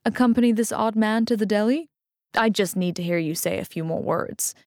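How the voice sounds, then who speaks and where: A woman's voice: medium pitch, fairly quick, darkish tone, dry recording, clean studio sound, pitched above the performer's own voice, lightly acted. A woman voicing an odd, playful man who flirts in eager, teasing banter, read in an audiobook. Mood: delighted.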